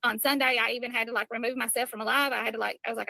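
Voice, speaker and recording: A woman's voice: on the high side, steady tone, rapid-fire, creaky, bright, forceful tone, dry recording. A woman livestreamer in a played clip who giggles and rambles hesitantly.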